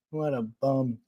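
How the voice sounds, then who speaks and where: A man's voice: mid-range voice, vocal fry, mellow, slightly rough, dry recording. Profane Philly-accented guy on a livestream. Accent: Philadelphia. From New York City. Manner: profane, rambling, blunt. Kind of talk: casual livestream chat answering viewers.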